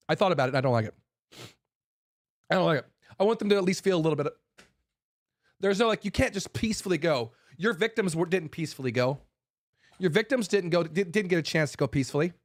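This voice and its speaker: A man with a fairly high voice rants in a heated monologue. He talks bluntly and profanely, hammers on repeated phrases, and stumbles into restarts as he gets more fired up. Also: expressive, fairly quick, pauses often. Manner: fired up, forceful. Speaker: host.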